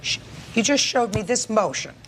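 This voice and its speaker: A stern woman judge presses a witness with blunt, skeptical questions. Her pitch swings widely as she talks. A faint hiss sits under her voice. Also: lively intonation, normal speed, a bit bright. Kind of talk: courtroom questioning.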